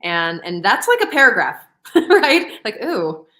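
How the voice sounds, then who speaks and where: A woman's voice: mid-range voice, very animated, unhurried, bright, forceful tone. A woman co-hosting a talk show, chatting animatedly with frequent laughter and acted-out quotes. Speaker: podcast co-host. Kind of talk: casual chat.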